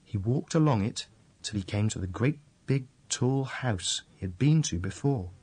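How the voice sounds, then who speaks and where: A man reading a fairy tale aloud, slow and deliberate. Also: medium pitch, lively intonation, a little mellow, breathy edge. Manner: slow, deliberate, repetitive storytelling. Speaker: storyteller.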